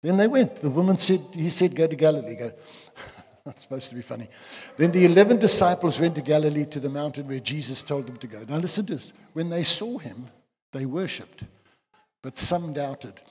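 A man preaching a sermon to a congregation, animated and joking with his listeners. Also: on the high side, normal speed, husky. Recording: long hall reverb.

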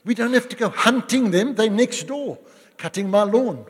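A man preaching a sermon to a congregation, animated and joking with his listeners. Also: high-pitched, normal speed, husky. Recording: long hall reverb.

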